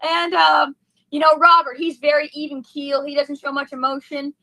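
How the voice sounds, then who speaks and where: A woman's voice: sits high, little pitch movement, normal speed, sharp tone, no room sound, low-quality recording. A young woman race driver in an emotional post-race interview, gushing and heartfelt, rambling with fillers.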